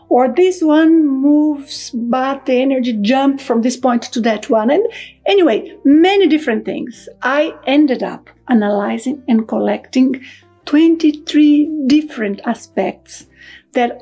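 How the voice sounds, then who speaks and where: A woman who authored a book, calmly and methodically explaining an energy technique step by step, like a teacher. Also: high voice, husky.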